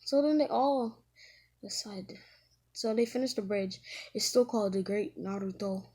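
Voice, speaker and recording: A woman with a slightly husky voice narrates a homemade fan story in a loose, chatty way. She rambles from one beat to the next and fills the gaps with "like" and "pretty much.". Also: mid-range voice, normal speed, dark tone. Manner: rambling, full of "like" fillers. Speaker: YouTube storyteller. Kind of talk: casual fan-fiction retelling.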